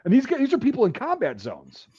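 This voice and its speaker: Casual host, male, animated storyteller, swears freely, dull lo-fi audio. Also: extremely high pitch, fast talker, slightly rough. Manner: profane, animated storytelling, acts out yelling. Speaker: podcast host, veteran telling army stories. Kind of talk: casual chat.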